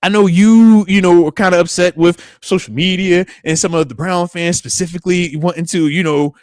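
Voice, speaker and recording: A man voicing his wife as she gently scolds him over lost money, with pointed, teasing questions. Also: on the low side, fairly even intonation, normal speed, dry recording, clean studio sound, natural voice.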